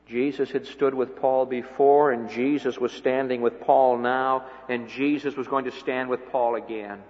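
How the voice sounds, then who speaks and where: A man preaching a sermon who swings from hushed, intimate lines to loud, emphatic climaxes. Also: medium pitch, fairly even intonation, measured pace, hardly any pauses. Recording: dull lo-fi audio with long hall reverb.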